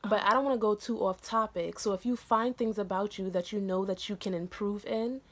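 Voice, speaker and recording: A woman's voice: mid-range voice, fairly quick. A young woman talking straight to her viewers in a casual motivational vlog, earnest and encouraging, with lots of "um" and "you know" fillers. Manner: animated and excitable in bursts. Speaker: vlogger.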